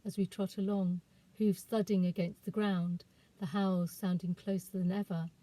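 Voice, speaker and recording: A woman, a children's author, reading aloud from her novel in a calm, expressive storytelling voice. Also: fairly low pitch, normal speed, rough recording.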